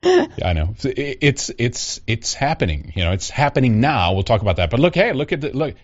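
A man's voice: mid-range voice, huge pitch swings, brisk. A man hosting a podcast in a casual, rambling, sarcastic way, often laughing. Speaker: podcast host. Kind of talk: casual opinionated chat. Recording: dull lo-fi podcast audio.

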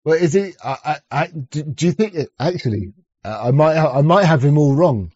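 Guy streaming, stuttery and sarcastic, lightish voice but mellow, dull dry mic. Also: on the high side, lively intonation, fairly quick, slightly rough, no room sound. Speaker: streamer reacting to clips. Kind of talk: casual mocking commentary.

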